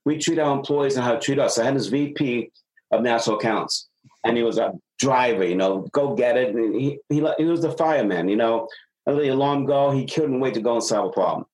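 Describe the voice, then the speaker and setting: A middle-aged man, a sales consultant being interviewed on a podcast, explaining ideas and acting out stories with lively dialogue. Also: medium pitch, brisk, low-quality recording. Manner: animated storyteller, acts out dialogue.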